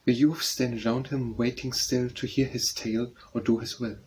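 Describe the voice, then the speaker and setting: A man narrating an audiobook of poems in a measured, steady verse recitation. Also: mid-range voice, a little hiss or hum, low-quality recording. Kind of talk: audiobook poetry reading.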